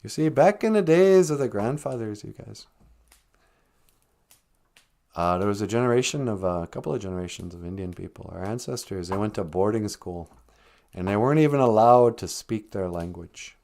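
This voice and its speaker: A man's voice: on the low side, animated, moderate pace, creaky, a little mellow. An older man hosting a live stream, telling chatty stories and laughing often as he talks. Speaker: host. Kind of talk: casual storytelling on a live stream.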